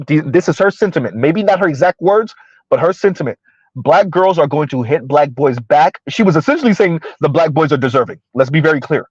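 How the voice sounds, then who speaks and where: A man with a fairly high voice hosts a casual livestream and talks straight to his chat. He slows down to make his points very deliberately and sometimes refers to himself in the third person. The sound is dull, lo-fi and dry. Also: lively intonation, breathy edge, no room sound. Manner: addresses viewers directly, slows down to stress points. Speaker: livestream host reading chat comments.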